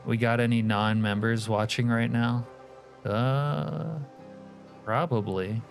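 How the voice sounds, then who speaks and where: A man's voice: medium pitch, steady tone, slow pace, gravelly, soft background music. A man live-streaming a game, chatting casually with his viewers, reading their messages aloud and muttering asides about the game as he plays. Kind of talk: live-stream chat while gaming.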